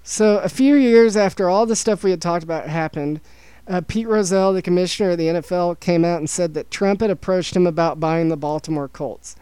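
A man with a high, smooth, resonant voice hosts a casual podcast. He tells a story from his notes and drops dry jokes along the way. The sound is close and dry, with no room behind it. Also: brisk, mellow, no echo, poor audio. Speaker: podcast host presenting a story.

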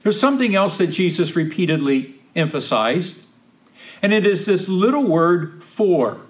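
A man leads a Bible study in a measured, unhurried delivery. His voice sits a little higher than most men's, and he leans on key phrases, repeating them for weight. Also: big pitch swings. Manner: slow, deliberate, emphatic repetition of quoted verses. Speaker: Bible teacher.

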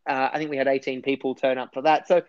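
A man's voice: medium pitch, little pitch movement, quick pace, darkish tone, no room sound, lo-fi sound. A man talking enthusiastically as a guest in a casual interview, rambling a little with restarts. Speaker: podcast guest.

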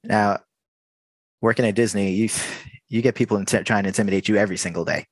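A low-voiced man tells a work story in a casual, talky way, jumping into the dialogue and playing out each exchange. His voice sits dry and close to the mic with almost no room echo. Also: fast. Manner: animated, acts out the dialogue. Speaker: theme park worker telling a story.

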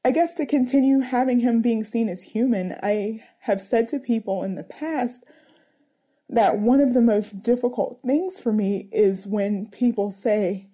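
A woman's voice: on the high side, a little slow, dark tone. A woman in her thirties, a mother speaking earnestly in an interview, searching for words with many fillers. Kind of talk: reflective personal interview.

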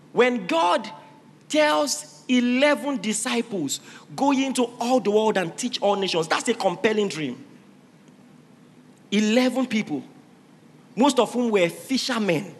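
A man preaching a sermon, emphatic and rising to shouted exhortations. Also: high-pitched. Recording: reverberant hall with faint ambience.

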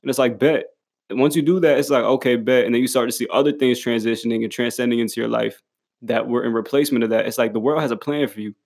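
In a mid-range voice with a darkish tone, a young man offers the camera some casual motivation. He's blunt, emphatic and profane, full of street slang, and laughs a lot while he talks.

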